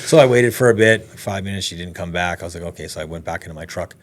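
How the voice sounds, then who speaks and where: Speaking quickly in a deep, low voice, a man shares a story as a guest on a podcast. The conversation is casual, and he's animated, swears without holding back, and slips into the voices of the people he quotes.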